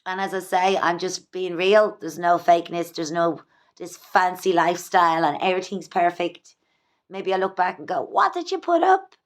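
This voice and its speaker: An Irish woman speaks fast in a confessional home vlog, looping back over her words as she goes. Her voice sits a little low for a woman. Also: level tone. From Ireland. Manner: rambling, fast, repeats herself. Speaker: vlogger. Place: at home in her own small place.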